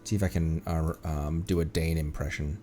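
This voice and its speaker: A man's voice: rumbling low, fairly even intonation, normal speed, mellow, faint music behind. A young man streaming a game, chatting casually and thinking aloud in a playful way. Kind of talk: casual gaming commentary.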